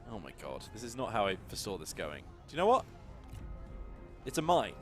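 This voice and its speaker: Excitable man streaming a game. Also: on the low side, a little fast, long pauses. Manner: excitable, reacts loudly to the game. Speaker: co-host playing a strategy game on a livestream. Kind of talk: casual live gameplay commentary. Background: game music.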